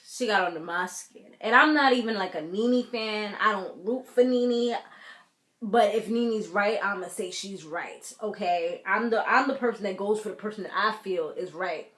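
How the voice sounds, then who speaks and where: An American woman from a Caribbean family, doing a casual reality TV recap in a sassy, animated way, talking straight to her viewers. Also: mid-range voice, echoey room. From Caribbean family, raised in the US. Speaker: TV recap vlogger.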